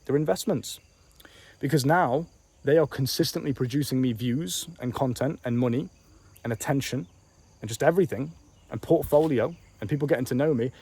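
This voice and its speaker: A man talks quickly and bluntly, coaching the listener in a casual vlog recorded outdoors. His speech is profane and full of slang, and he addresses the listener directly. Insects and crickets chirp behind him. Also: medium pitch, mellow. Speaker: online business coach. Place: outdoors on a bench in a warm country.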